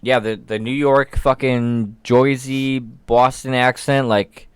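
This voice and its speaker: A man's voice: medium pitch, steady tone, takes it slowly, clear, resonant tone, dry recording. A young man from Wisconsin, co-hosting a casual podcast, laid-back and teasing as he banters. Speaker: podcast co-host.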